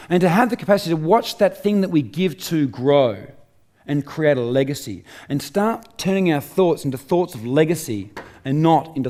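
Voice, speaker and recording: A man's voice: a little high, a little mellow. A middle-aged Australian man giving a live motivational talk on stage, driving his points home with rhetorical questions and emphatic repetition. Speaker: motivational speaker. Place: on stage before a live audience.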